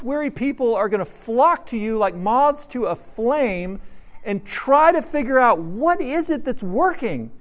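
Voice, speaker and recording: A man preaching a sermon as a pastor, earnest, moving from soft, slow passages to emphatic ones. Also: sits high. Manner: earnest, with dramatic swings between soft and emphatic.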